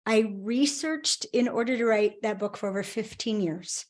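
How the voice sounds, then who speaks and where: Middle-aged woman, guest author, earnest emphatic storytelling, mid-pitched voice. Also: normal speed. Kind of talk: conversational interview.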